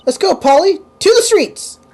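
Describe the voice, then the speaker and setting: A gamer voicing an eager young female sidekick from a video game, shrill and excitable while reading her lines aloud. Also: fast. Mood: gung-ho.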